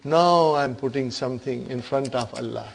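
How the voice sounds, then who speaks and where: A man's voice: mid-range voice, moderate pace, gravelly. A man teaching an Arabic grammar class, quizzing his students with repeated questions.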